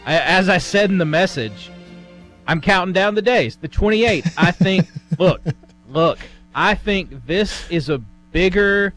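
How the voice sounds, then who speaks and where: A man's voice: high voice, lively intonation, a little slow, fairly bright tone, faint music behind. A man co-hosting a radio show, easygoing with some dry teasing. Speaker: radio co-host. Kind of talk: casual on-air banter.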